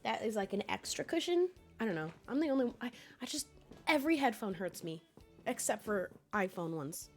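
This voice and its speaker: A young woman streaming from home, chatting casually with viewers in a rambling, laughing way. She is hoarse, sniffly and coughing from a cold. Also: mid-range voice, very animated, normal speed, faint music behind.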